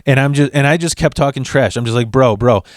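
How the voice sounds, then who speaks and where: Young male vlogger, mid-range pitch, dry close sound, profane animated storytelling with stammered restarts. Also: fast, no room sound. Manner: profane and animated, acting out quotes. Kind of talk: storytime rant.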